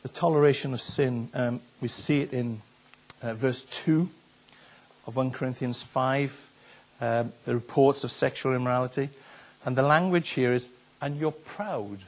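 A man's voice: medium pitch, fairly even intonation, moderate pace. An older man, a pastor preaching a sermon in an earnest, conversational way, often repeating his words. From Wales.

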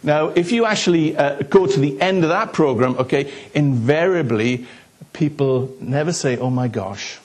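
A man preaching as pastor, his voice husky and pitched a touch high for a man. He talks to the congregation in a chatty, storytelling way, throwing in asides to them. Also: moderate pace. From Wales. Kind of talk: sermon.

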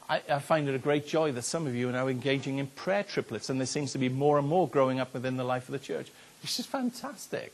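An older man preaches in a husky, breathy voice at a mid pitch. He talks to the congregation warmly and plainly, stumbling over and repeating words as he builds his points. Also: expressive, fast talker. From Wales. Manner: earnest and conversational, with frequent repeated words and fillers. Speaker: pastor. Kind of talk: sermon.

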